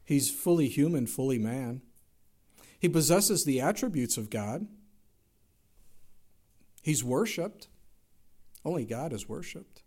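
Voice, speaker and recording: A man's voice: mid-range voice, animated, slow, pauses often, a little mellow. A man preaching a sermon, emphatic, with rhetorical questions and rising exclamations. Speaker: pastor.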